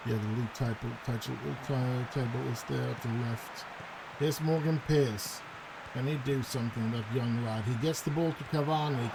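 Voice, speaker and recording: A man with a medium-pitched voice and vocal fry speaks at normal speed, with background noise behind him. As a gaming YouTuber, he gives chatty, hesitant let's-play commentary on a football management game, brightening when chances come and bursting with excitement at goals.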